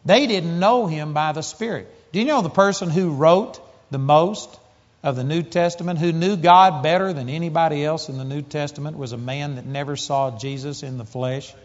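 A male preacher with a fairly high voice delivers his sermon at a moderate pace, growing animated as he tells a story and his pitch rises with excitement. A long hall reverb surrounds him, and the recording is slightly dull and muffled.

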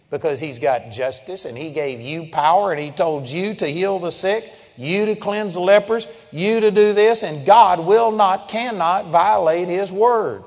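A man with a high-pitched voice preaching a sermon. He hammers his points with emphatic declarations, then drops into low, intense passages. His voice carries a long hall reverb.

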